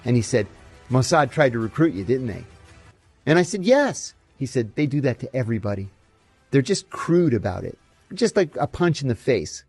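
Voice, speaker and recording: A man's voice: mid-range voice, normal speed, husky, soft background music. A middle-aged man, a former intelligence officer, telling stories in an interview and acting out the dialogue. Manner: animated anecdotes, acts out quoted dialogue. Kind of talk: storytelling interview answers.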